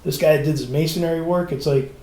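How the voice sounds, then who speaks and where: A man's voice: a little high, fast talker, roomy sound. A man in casual podcast chat, telling a story and acting out the people in it. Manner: storytelling, animated quoting of others. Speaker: podcast co-host.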